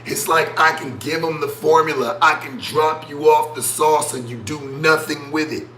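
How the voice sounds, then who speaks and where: A man rants to his stream, profane and mocking, and tells the story with a lot of animation. His voice is bright and forceful. He records in an echoey room with a faint hum of ambience. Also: on the high side, normal speed. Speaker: streamer and talk show host. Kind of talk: casual rant to live stream chat.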